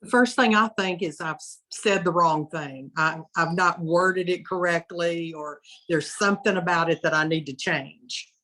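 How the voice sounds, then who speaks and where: A lower-voiced woman speaking up on a group call, reflective and a little hesitant as she works through her answer. She talks plainly, with small pauses. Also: a bit bright. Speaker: team member on the call. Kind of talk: casual reply on a group call.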